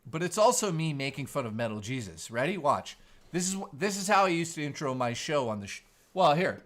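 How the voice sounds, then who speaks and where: Brief: male streamer host, 40s, slightly high voice, easygoing surfer-dude chat. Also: very animated, a little fast, fairly bright tone. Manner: laid-back, surfer-style slang. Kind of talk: casual live-stream chat.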